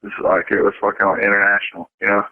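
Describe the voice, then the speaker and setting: Low-voiced guy, lo-fi dry audio. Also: completely flat delivery, fast, dry recording. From Alabama. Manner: rambling, profane, joking storyteller. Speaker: podcast co-host. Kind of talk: casual chat.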